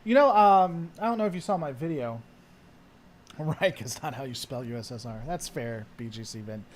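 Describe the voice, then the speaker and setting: A man's voice: mid-range voice, animated, moderate pace, a little hiss or hum. A man hosting a casual chat, answering viewer questions in a rambling way with lots of fillers. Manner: rambling, with frequent fillers and trailing thoughts. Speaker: host.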